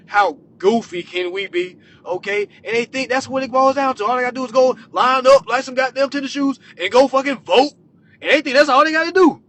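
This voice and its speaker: A man ranting to his followers with profane comedy, swinging between shouting and low muttering. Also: slight background noise. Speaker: social media commentator. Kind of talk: profane comedic rant to camera.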